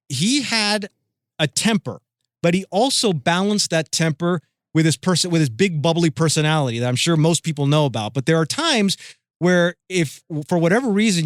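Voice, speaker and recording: A middle-aged man, a former sports radio host, tells stories as a guest in a casual interview. His voice sits a bit high and he restarts his phrases often. The sound is dry and close. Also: dry recording. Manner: animated, with many restarts and self-corrections.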